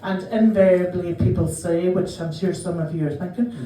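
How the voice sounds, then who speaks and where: A Northern Irish woman in her fifties performing a stand-up set, telling self-mocking stories with quick dry asides. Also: fairly low pitch, warm tone, slight background noise. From Northern Ireland. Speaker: stand-up comedian. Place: small comedy club. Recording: roomy live venue, mic heard from a distance.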